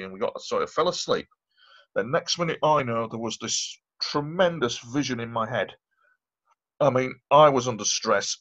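A man's voice: mid-range voice, a bit bright. Earnest man, dull recording. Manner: earnest, rambling, repeats himself. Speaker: guest. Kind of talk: interview storytelling.

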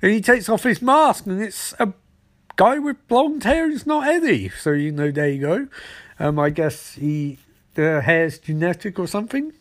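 A man rattles through a comedic recap of a TV episode, full of sarcasm. His voice sits high for a man, and he jumps into the characters' lines as he goes. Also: animated, normal speed.

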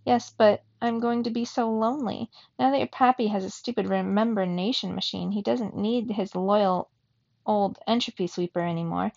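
A woman's voice: mid-range voice, moderate pace, vocal fry, darkish tone, no echo, highs cut off. A woman reading aloud who voices a dramatic, self-pitying and smug talking AI device from a children's storybook. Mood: pleading. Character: whiny boastful talking AI gadget.

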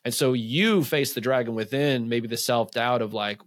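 A man, a men's coach, talking in a casual podcast conversation, telling animated stories full of "like" and acted-out quotes. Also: medium pitch, moderate pace, no room sound.

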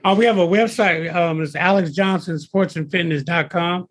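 A man in his fifties, a personal trainer, talking in an excitable, emphatic way and often repeating himself. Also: high-pitched, normal speed, husky. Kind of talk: casual interview talk.

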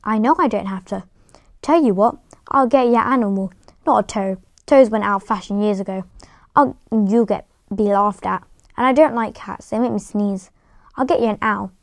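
A woman voicing a loud, blunt giant of a man. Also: medium pitch, moderate pace, no echo, lightly acted. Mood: cheerful. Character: big hearty adult male groundskeeper, blunt and kind. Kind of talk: storybook reading with voices.

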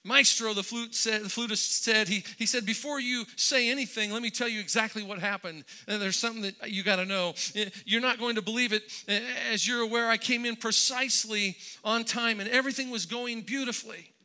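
A pastor preaches a sermon, telling a story conversationally with many restarts and repeated words. His high voice is sharp, clear, and resonant, fairly quick with few pauses and fairly even intonation.

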